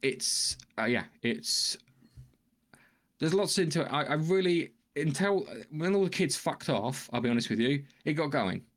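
A man's voice: fairly high pitch, expressive, a little slow. A man co-hosting a podcast, retelling a film plot in a loose, rambling way, hunting for words and swearing casually. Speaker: podcast co-host. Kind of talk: casual film review chat.

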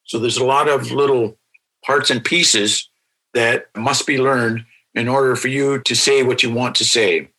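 A man answers interview questions as a language teacher, walking through his points patiently and repeating example words. His voice is bright and forward, with a slightly husky edge. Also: medium pitch, steady tone, a little slow, poor audio.

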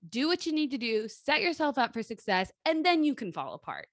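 Woman, 30s, podcast co-host. Blunt and animated, fairly high, with a dry close sound. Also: fairly quick, no echo. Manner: blunt, animated, swearing freely. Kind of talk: casual chat.

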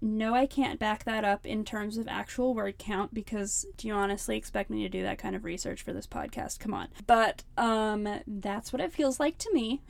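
A woman's voice: on the high side, creaky. A young adult woman hosting a comedic book-critique podcast, ranting sarcastically in a casual style full of "like" fillers and swearing. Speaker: podcast host.

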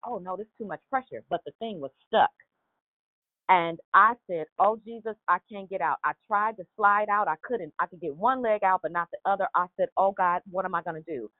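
Woman prayer-call leader, animated preacher on a phone line. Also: on the low side, dry recording. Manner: animated storytelling, acting out her own cries for help.

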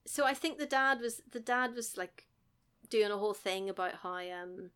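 A woman's voice: mid-range voice, moderate pace, fairly bright tone, smooth. Chatty woman, rambling recap. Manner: rambling, laughs often, acts out quotes. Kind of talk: casual chat recapping a film.

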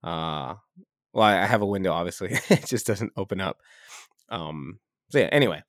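A man in his thirties hosting a casual podcast from a hotel room, chatty and loose, laughing at himself and clearing a slightly stuffy throat. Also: low voice, lively intonation, moderate pace, a bit bright, no echo, clean studio sound. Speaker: podcast host. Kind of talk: casual rambling podcast monologue.

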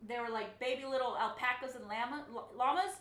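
A woman co-hosting a podcast in casual chat, animated and swearing freely as she tells travel stories. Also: high voice, fairly quick, echoey room, a little hiss or hum. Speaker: podcast co-host.

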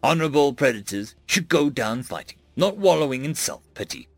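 A man narrating a sci-fi audiobook with expressive storytelling. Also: medium pitch, fairly quick, no echo.

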